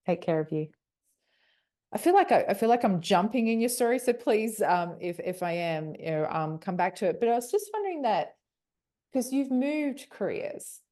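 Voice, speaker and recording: A woman's voice: fairly high pitch, expressive, normal speed, mellow. A middle-aged woman hosting a podcast interview, speaking hesitantly with many fillers and restarts. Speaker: podcast host. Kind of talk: conversational interview.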